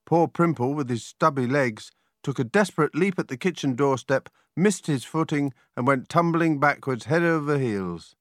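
A man reading a children's storybook aloud, with an animated, expressive delivery. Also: mid-range voice, no echo, studio quality. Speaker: audiobook reader.

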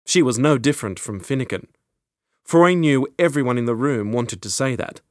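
A man reads an audiobook aloud with a steady, even storytelling delivery. His voice sits in the mid range, and the scripted narration is captured cleanly in a studio with no room sound.

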